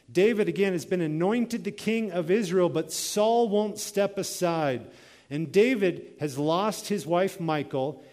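A man's voice: fairly high pitch, a little mellow, in a large hall. A man preaching a sermon as pastor, reading scripture and telling a personal story with quoted voices.

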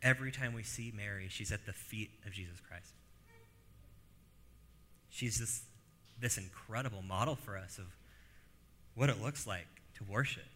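A man's voice: on the low side, moderate pace, pauses often, pushed and bright. Man preaching, punchy and repetitive, echo hanging in a big hall. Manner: emphatic, rhetorical, repeats phrases for stress. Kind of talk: sermon.

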